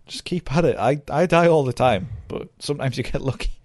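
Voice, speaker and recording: A man's voice: mid-range voice, brisk, a little mellow, no room sound, clean studio sound. A man co-hosting a casual podcast, joking playfully and laughing often. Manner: playful, laughing, silly voices. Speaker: podcast co-host. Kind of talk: casual chat over a call.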